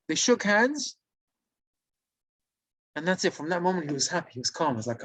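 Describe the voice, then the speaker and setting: A man's voice: brisk, vocal fry, no echo. A man telling a religious moral story, acting out the characters' lines. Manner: animated, acts out the characters' lines with higher pitch.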